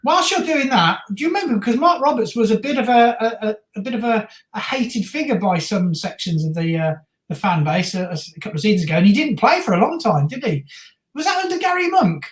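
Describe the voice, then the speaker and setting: Woman co-host, live football reaction, lively, reads the chat, echoey room. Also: on the high side, brisk. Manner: lively, reads out viewer comments, laughs easily. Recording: roomy echo.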